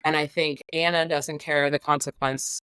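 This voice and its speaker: A woman guest on a podcast talking casually about a film, animated, laughing often and acting out her own reactions. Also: low voice, moderate pace, smooth, dry recording.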